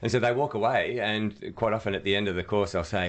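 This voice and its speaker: A man, co-hosting a podcast and telling workplace anecdotes in a casual, animated way, acting out quotes as he goes. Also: on the low side, quick pace, hardly any pauses. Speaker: podcast co-host, leadership trainer. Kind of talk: casual storytelling chat.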